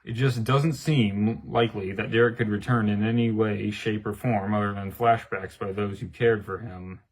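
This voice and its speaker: A man's voice: fairly low pitch, fairly even intonation, moderate pace, husky, poor audio. A man, the channel creator, giving a formal, scripted announcement to his viewers. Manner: formal, read-out delivery.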